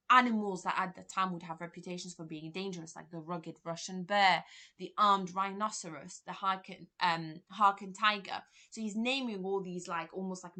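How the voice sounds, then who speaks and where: A woman's voice: mid-range voice, sharp tone. A woman teacher and examiner, explaining a play in a revision lesson and paraphrasing quotes in plain words.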